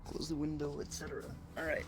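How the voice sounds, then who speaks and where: A young man running a live tabletop game as game master, talking loosely with lots of pauses and fillers. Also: fairly high pitch, monotone, music in the background. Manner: loose and hesitant, many fillers.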